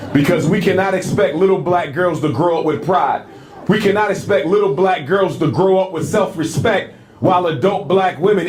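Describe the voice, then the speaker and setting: A man's voice: high-pitched, reverberant. A man giving an impassioned speech to university students, building up his points in rhythmic, repeated phrases. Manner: rhythmic, repetitive oratory with rising emphasis. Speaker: speaker addressing students. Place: university lecture hall.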